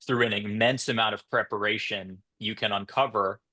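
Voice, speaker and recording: A man's voice: lowish voice, fairly even intonation, moderate pace, pushed and bright. A man speaking on a conference panel about sales, thoughtful, with frequent restarts and hedges. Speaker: panelist, sales tech founder.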